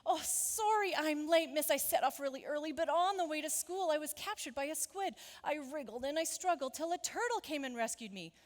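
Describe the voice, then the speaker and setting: A bright, eager little boy fish tells tall tales in a breathless rush, his voice high and bouncing all over. A woman puts him on while reading a storybook aloud. It rings out in a big hall with a long echo. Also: expressive, fairly quick, few pauses. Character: small boastful boy fish, fanciful storyteller.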